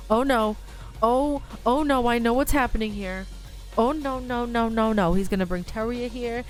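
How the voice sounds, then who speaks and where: A woman's voice: fairly high pitch, moderate pace, soft background music, poor audio. A woman hosting a let's play, reacting emotionally to the story and reading game lines aloud. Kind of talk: gameplay commentary and reading dialogue aloud.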